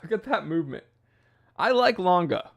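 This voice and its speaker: A man's voice: sits high, big pitch swings, normal speed, gravelly, a bit bright. A man hosting a casual livestream, chatting loosely and rambling, with laughs at his own jokes. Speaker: livestream host.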